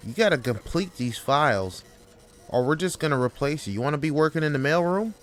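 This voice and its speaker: A man's voice: fairly high pitch, lively intonation, fairly quick, pitched above the performer's own voice, close to an everyday voice. A man voicing a demanding, belittling office boss who talks down to his worker. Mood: threatening. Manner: bossy, belittling, raised voice.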